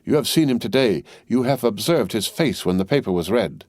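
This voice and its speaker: A man's voice: medium pitch, expressive, a little fast, a little mellow, no room sound, studio quality, close to an everyday voice. A man voicing a troubled middle-aged wine-shop keeper who reasons uneasily with his wife, in an audiobook.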